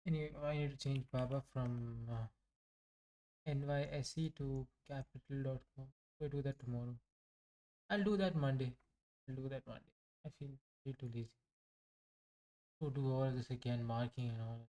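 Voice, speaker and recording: A young man with a mellow, warm voice talks through his trades in a loose, rambling way. He jokes often and pokes fun at himself. His pitch sits in an ordinary middle range. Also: steady tone, moderate pace, long pauses. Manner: rambling, joking and self-mocking. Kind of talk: casual live trading commentary.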